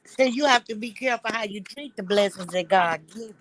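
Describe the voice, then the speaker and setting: A woman's voice: medium pitch, fairly quick, a crowd in the background. A woman, a guest on a casual video-call chat, ranting in a blunt, sassy way.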